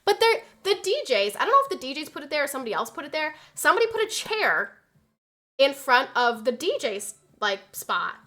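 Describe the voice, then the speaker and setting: A young woman streamer tells a personal story in a loose, conversational way. Her voice is bright and slightly high-pitched, with a sharp edge to it. She swears freely and voices what other people said loudly and with energy. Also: a little fast. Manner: animated, swears, acts out quotes loudly. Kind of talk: casual storytelling chat.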